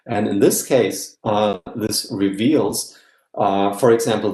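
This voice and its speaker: A man's voice: lowish voice, creaky, a little mellow, roomy sound. A man giving an academic guest lecture, explaining step by step and often checking in with his listeners. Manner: explanatory, checks in with frequent "yeah?".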